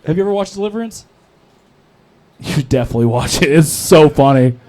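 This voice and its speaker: Young North Carolina man with a Southern accent, slightly high voice, crude and rambling stand-up delivery. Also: animated, moderate pace, pauses often, warm tone, a faint crowd. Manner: crude, rambling, self-mocking with laughs. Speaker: stand-up comic. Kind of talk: open mic stand-up comedy.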